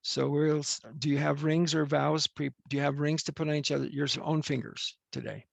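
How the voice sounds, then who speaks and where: A man leads a wedding ceremony over a video call in a fairly high, gravelly voice. His talk is chatty and joking, and it wanders off on tangents. The sound is dry and close. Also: little pitch movement, brisk, no echo. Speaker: wedding officiant.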